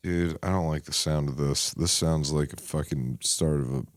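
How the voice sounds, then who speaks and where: A young man co-hosting a podcast speaks in a deep, rumbling voice with a steady tone and moderate pace. He chats casually, wanders through stories, and swears freely. The studio sound is clean, with no room echo.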